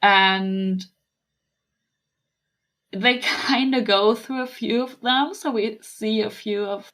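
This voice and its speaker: A woman's voice: mid-range voice, slow, fairly bright tone. A woman co-hosting a podcast, earnest and admiring, often restarting her sentences in casual fan chat. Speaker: podcast co-host.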